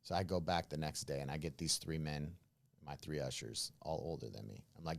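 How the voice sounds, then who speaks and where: A middle-aged man, a pastor and guest, telling stories in a casual interview, animated and acting out what people said. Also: rumbling low, fairly quick, gravelly. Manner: animated storyteller, acts out quoted voices, says "man" and "bro".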